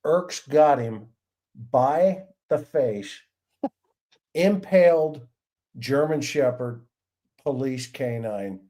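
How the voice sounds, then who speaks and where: Drawing out his words and taking long pauses, a middle-aged man with a mid-range voice shares anecdotes on his livestream. A podcast host and retired cop, he tells these casual stories with animation, voicing the characters himself.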